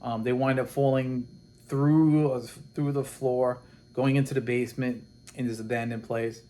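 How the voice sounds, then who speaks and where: A man's voice: medium pitch, normal speed. Casual man retelling a comic plot. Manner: rambling and animated, with many restarts and quoted dialogue. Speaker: comic book reviewer.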